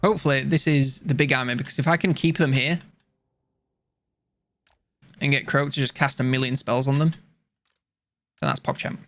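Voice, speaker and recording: A young man chatting casually while playing a strategy game on stream, rambling and mocking himself with quick jokes. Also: mid-range voice, fairly bright tone. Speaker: gaming streamer. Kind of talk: casual let's-play commentary.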